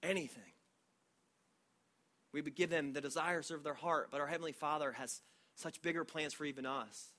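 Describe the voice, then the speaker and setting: A man's voice: a little high, pushed and bright. Man preaching a conversational sermon. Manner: conversational, storytelling, halting restarts. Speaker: pastor.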